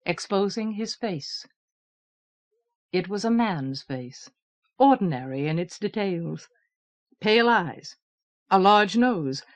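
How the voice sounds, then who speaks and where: A woman narrating a fantasy novel audiobook in a measured, unhurried manner. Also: medium pitch. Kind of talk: scripted narration.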